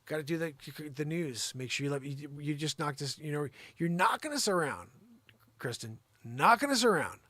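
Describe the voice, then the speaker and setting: A man with a somewhat high voice hosts an unscripted live comedy stream. He teases his co-host with mock exasperation, jumping between loud bursts and low grumbling. The sound is close and dry, with no room in it. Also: expressive, normal speed, no echo. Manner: mock-exasperated teasing, swinging between loud outbursts and mutters. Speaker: host of a daily live variety show. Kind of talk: improvised comedy livestream.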